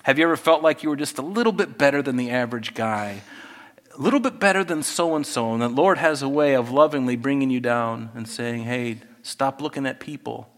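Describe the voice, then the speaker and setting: A man's voice: mid-range voice, a little fast. A middle-aged male pastor preaching a conversational sermon, often asking the congregation questions.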